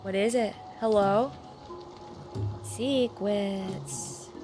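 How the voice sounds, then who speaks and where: A woman's voice: mid-range voice, expressive, extremely slow, creaky. A woman chatting casually on a live stream while gaming, reacting aloud and greeting viewers. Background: game music.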